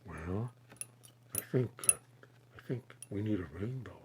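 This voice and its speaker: A man putting on the soft, hushed voice of a gentle male TV painter, as a whispered role-play. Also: lowish voice, expressive, slight background noise, voice pushed down. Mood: soothing. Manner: hushed, slow and soothing.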